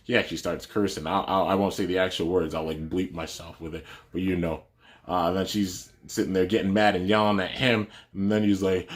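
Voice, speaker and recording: A man's voice: deep voice, fairly even intonation, fast talker. A young man vlogging a casual storytime, rambling with lots of fillers and restarts. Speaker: YouTuber.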